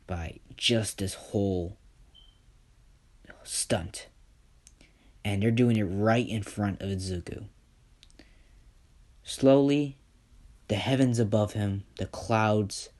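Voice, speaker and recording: A man casually improvising a fan story, rambling, leaning on filler words and correcting himself as he goes. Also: on the low side. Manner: rambling, leans on "just", self-corrects.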